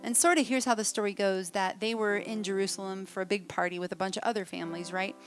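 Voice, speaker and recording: A woman's voice: medium pitch, fast, faint music behind. A woman speaker telling a humorous story to a live audience, acting out voices as she goes. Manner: animated, humorous, acts out voices. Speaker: conference speaker.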